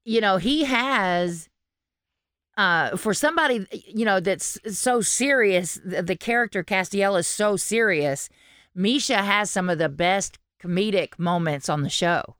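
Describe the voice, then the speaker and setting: A woman's voice: mid-range voice, animated, measured pace, fairly bright tone, smooth, dry recording, clean studio sound. A woman hosting a podcast in casual chat, rambling with restarts and frequent laughter. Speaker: podcast host.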